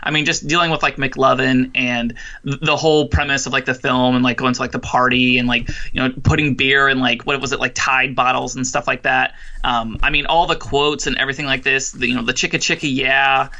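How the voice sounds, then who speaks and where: A man with a very bright, edgy voice talks loosely about movies. He keeps padding his sentences with "like" and circles back over his own thoughts, in relaxed conversational chat. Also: mid-range voice, fairly quick, dull audio. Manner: rambling, heavy use of filler "like". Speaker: podcast co-host. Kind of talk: casual film chat.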